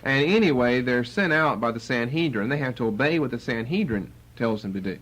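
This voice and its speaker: A man's voice: medium pitch, brisk, rough recording. A man teaching the Bible verse by verse, acting out the quotes with sarcasm. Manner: animated, acts out quotes with sarcasm.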